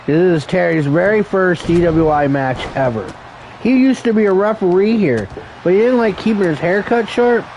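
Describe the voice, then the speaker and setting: A man's voice: fairly high pitch, a little mellow, a little hiss or hum, low-quality recording. A man calling an amateur wrestling show as commentator, crude and joking, rambling and calling people brother. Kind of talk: profane play-by-play commentary.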